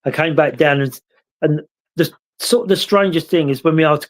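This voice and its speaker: A man with a British English accent and a fairly high voice hosts a casual conversation at a moderate pace. His storytelling wanders and turns reflective.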